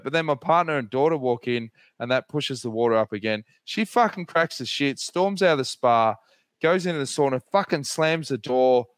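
An Australian man co-hosting a podcast, telling a story in a casual, swearing, animated way. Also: medium pitch, clean tone, no room sound. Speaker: podcast co-host.

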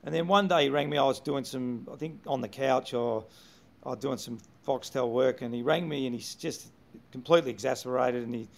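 A man's voice: mid-range voice, a little fast, gravelly. A middle-aged Australian man from Melbourne, a former football coach telling candid stories in an interview with frequent restarts. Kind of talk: conversational interview storytelling.

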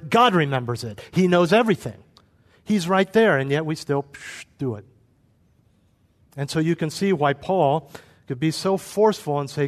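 A man's voice: a little high, lively intonation, moderate pace, long reverb tail. A man preaching a sermon as pastor, acting out quoted voices along the way.

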